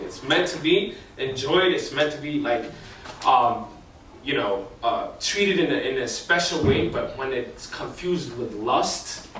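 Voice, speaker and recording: A man's voice: mid-range voice, fairly bright tone, a little hiss or hum. A young man preaching a casual sermon in a chatty way full of fillers and slang, recorded in a church hall away from the mic. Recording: echoey hall from far off.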